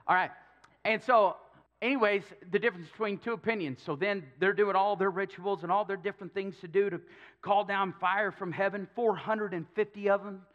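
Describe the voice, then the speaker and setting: A man preaches in a church, retelling scripture with humor and playing out the characters' lines. His voice sits a little high. The recording is dull and lo-fi, with the top end muffled. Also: steady tone, a little fast. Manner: storytelling with humor, acting out quotes. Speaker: pastor. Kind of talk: sermon.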